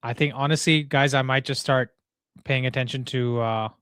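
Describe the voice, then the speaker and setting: A young man hosting a live football watchalong, talking excitably to chat in slangy casual speech. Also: mid-range voice, normal speed, clean tone, no echo, studio quality. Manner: excitable, slangy, frequent "bro" and "dude". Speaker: watchalong host.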